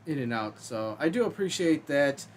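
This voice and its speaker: A man hosting a casual group commentary chat, loud and joking, swearing freely. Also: on the high side, lively intonation, moderate pace, a little hiss or hum. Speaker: host.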